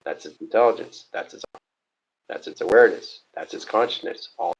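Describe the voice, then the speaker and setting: A man with a low, husky voice teaches in a live stream. He lectures in steady repetitive lists. The sound is dull and lo-fi. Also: normal speed. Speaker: spiritual teacher answering questions.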